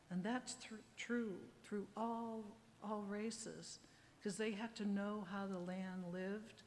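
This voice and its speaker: A woman elder giving a heartfelt, unhurried ceremonial welcome at a graduation. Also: medium pitch, fairly even intonation, a little mellow, slight background noise. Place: large hall at a university graduation ceremony. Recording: livestream audio with hall reverb and faint ambience.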